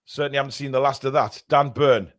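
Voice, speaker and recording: A man commentating live on a match for fans, excitable, shouting when play heats up and swearing in jokey banter. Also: mid-range voice, fast. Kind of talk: fan watchalong commentary.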